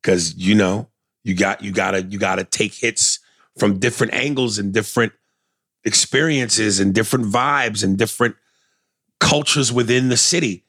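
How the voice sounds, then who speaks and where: A man's voice: fairly low pitch, moderate pace, fairly bright tone, slightly rough, dry recording, clean studio sound. A man co-hosting a casual comedy podcast, reading listener letters aloud in a loose, profane way.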